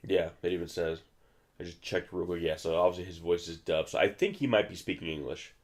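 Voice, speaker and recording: A man's voice: low-pitched, a little fast. A young man rambling casually while commenting on an old monster movie, with many restarts.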